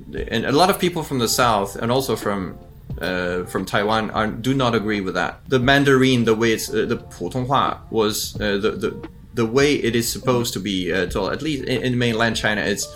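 A man's voice: on the low side, fairly bright tone. A middle-aged man as an interview guest, talking thoughtfully with frequent restarts. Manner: thoughtful, restarts often, imitates accents with laughter. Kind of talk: casual interview talk.

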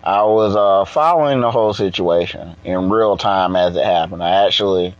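A tired man hosting a casual solo podcast, rambling and halting with many restarts. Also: low-pitched, no room sound, lo-fi sound. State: tired, yawning. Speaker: podcast host.

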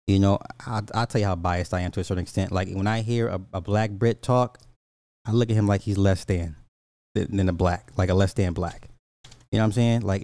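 A man's voice: deep voice, mellow, no room sound. A man in his forties with an African American accent gives blunt, profane opinion commentary, stammering and restarting as he reads news quotes aloud and reacts to chat. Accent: African American Vernacular English. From United States. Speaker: commentary host.

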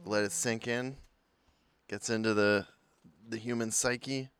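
A man's voice: on the low side, takes it slowly, smooth. A man co-hosting a casual group chat, telling stories with lots of laughs. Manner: animated storyteller, laughs often. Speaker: podcast co-host.

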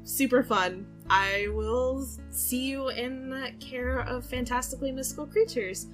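A woman putting on a shy, bright-voiced schoolgirl. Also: high-pitched, steady tone, measured pace, faint music behind. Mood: pleased. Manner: nervous, hesitant. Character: shy, hopeful teenage schoolgirl.

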